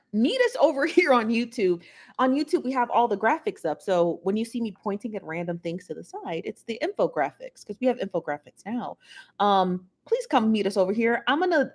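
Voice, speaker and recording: A woman with a mid-range voice hosts a loose gossip livestream from a home setup. She rambles in a chatty way, laughs often and teases her viewers directly. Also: medium pitch. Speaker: livestream host. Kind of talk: casual celebrity gossip livestream.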